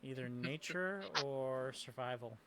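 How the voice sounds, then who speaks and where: A man running a tabletop game, giving quick rulings over a voice call. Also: mid-range voice, crowd noise. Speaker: game master.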